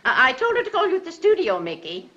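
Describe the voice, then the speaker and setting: A woman's voice: very high-pitched, wildly swooping pitch, fast talker, background noise, full character voice. A woman playing a chatty, scatterbrained older mother-in-law in a 1950s sitcom, rambling and fluttery. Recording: lo-fi 1950s TV audio. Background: studio audience laughter.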